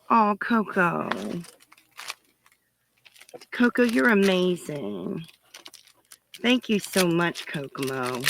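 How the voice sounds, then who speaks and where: A woman's voice: lowish voice, fairly bright tone, slight background noise, poor audio. A woman hosting her crafting channel, chatting casually to viewers as she opens their parcels, gushing and giggling often. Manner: thinks aloud while unwrapping. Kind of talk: casual unboxing chat to viewers.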